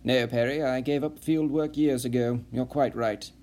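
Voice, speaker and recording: A man doing a soft-spoken, cold spymaster. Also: mid-range voice, steady tone, moderate pace, lightly acted. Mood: calm. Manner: soft-spoken, composed, evasive. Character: smooth cold male intelligence official.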